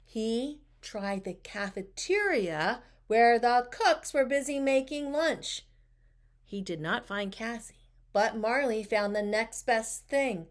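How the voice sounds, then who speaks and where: A woman reading a picture book aloud, expressive and talking to the listeners with questions. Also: a little high. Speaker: storybook reader.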